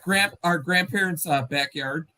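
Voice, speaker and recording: A man jokes bluntly with old friends on a music podcast, throwing in casual swearing. His voice sits a little high and comes across bright and forceful, sharp at the edges. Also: measured pace, dry recording. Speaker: podcast guest. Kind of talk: casual chat.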